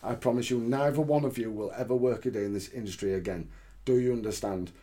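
A man's voice: medium pitch, quick pace, warm tone, close to an everyday voice. A man quoting a domineering boss. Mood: stern. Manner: stern, lecturing. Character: domineering older male boss laying down the law.

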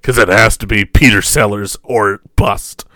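Podcast co-host, male, bright tone, rambling casual delivery with a dry close-mic sound. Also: fairly low pitch, fairly even intonation, unhurried, no echo. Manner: rambling, filler-heavy, frequent laughs. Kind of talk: casual chat.

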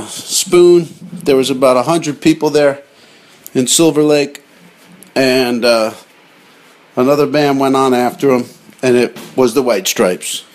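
A man hosting a podcast, rambling jokingly and calling his listeners gang while he watches TV clips. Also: fairly high pitch. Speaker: podcast host. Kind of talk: casual comedic monologue over TV clips.

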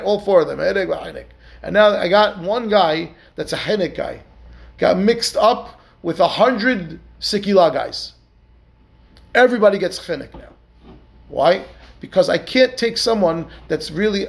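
A rabbi with a high-pitched, creaky voice is teaching a Talmud study session. He reads out Aramaic and Hebrew text, then unpacks it gradually through rhetorical questions, frequently checking in with a "right?".

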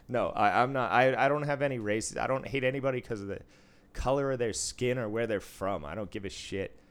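A man's voice: mid-range voice, a little fast, clean tone. A man in his thirties telling a story in casual chat, blunt and profane.

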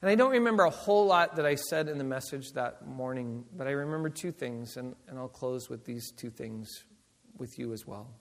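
A man, a pastor, tells stories in a sermon with animated delivery and frequent laughter. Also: mid-range voice, a little fast. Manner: animated storyteller, laughs often. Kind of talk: sermon storytelling. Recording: long reverb of a large hall.

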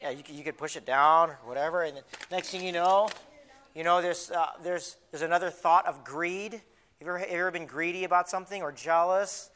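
A man's voice: on the high side, fairly quick, bright, forceful tone, a little hiss or hum. A pastor giving a casual children's lesson in a church service, often restarting and repeating his words as he talks to the kids. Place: church sanctuary.

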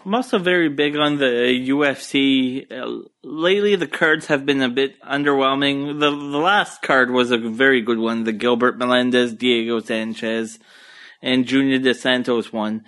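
A man's voice: mid-range voice, moderate pace, fairly bright tone. A young man with an Acadian French accent, hosting a solo podcast from home in a crude, rambling, profane and easygoing way. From Moncton, New Brunswick, eastern Canada. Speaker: podcast host. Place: at home on a couch.

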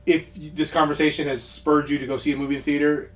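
A man co-hosting a podcast, chatting casually about movies, rambling with quick asides and frequent laughs. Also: a little high, flat delivery. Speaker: podcast co-host.

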